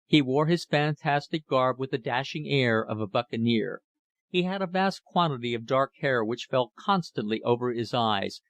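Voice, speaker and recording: A man reads a classic novel for an audiobook, telling the story in a measured, even way. His voice sits in the mid range, and the recording carries no room sound.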